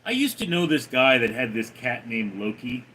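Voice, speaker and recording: A man's voice: mid-range voice, very animated, normal speed, bright, forceful tone, slight background noise, poor audio. A man hosting a casual livestream, rambling offhandedly and reading chat aloud. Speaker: livestream host.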